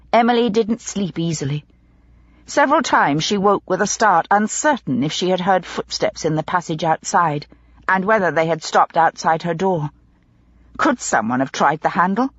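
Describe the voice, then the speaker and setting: A woman narrating an audiobook mystery in a measured, even storytelling manner. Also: on the low side, no echo. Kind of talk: scripted narration. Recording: dull lo-fi dry recording.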